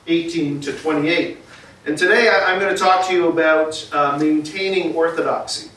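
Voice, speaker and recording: A man's voice: high voice, fairly bright tone, distant mic, slight background noise. A man preaching a sermon as pastor, casual and self-deprecating, with lots of fillers. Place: church sanctuary. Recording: very echoey church room from afar.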